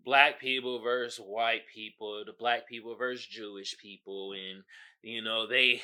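Young man, podcast host, exasperated slangy rant, very bright forceful voice. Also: lowish voice, unhurried, smooth. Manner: animated, exasperated, slangy with mocking put-on quotes. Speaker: podcast host reviewing a movie. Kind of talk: casual rant.

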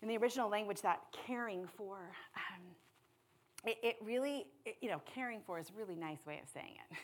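Husky-voiced woman preaching with passion. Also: medium pitch, brisk. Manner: impassioned, swings from hushed to loud. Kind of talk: sermon.

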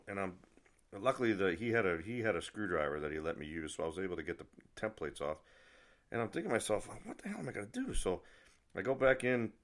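A man's voice: on the low side, a bit bright. A man telling a story in a casual, rambling rant, exasperated, with frequent restarts and mild swearing. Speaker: vlogger.

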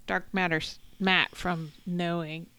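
A woman co-hosting a podcast, chatting casually and briskly calling out crossword clues and the start countdown. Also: on the low side, flat delivery, bright, forceful tone, smooth. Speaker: podcast co-host. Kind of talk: casual chat while solving crosswords.

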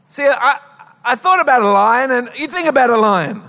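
A man preaching a lively sermon as a pastor, with a sing-song rhetorical delivery. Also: very high-pitched, normal speed. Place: church auditorium. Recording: long hall reverb.

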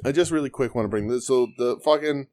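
A man's voice: medium pitch, fast talker, a little mellow. A young man co-hosting a wrestling podcast, ranting bluntly and profanely in casual chat, laughing often.

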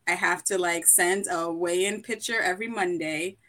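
A woman's voice: lowish voice, fairly even intonation, moderate pace, bright, forceful tone. A woman from Brooklyn who was raised in Boston, a guest author and mental health clinician, chatting in a friendly way and laughing easily. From Brooklyn, New York; raised in Boston. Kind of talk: casual interview chat.

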